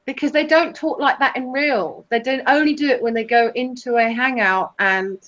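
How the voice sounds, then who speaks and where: A woman's voice: a little high, normal speed, fairly bright tone, highs cut off. A woman co-hosting a casual live-stream chat, blunt, teasing and opinionated. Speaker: co-host.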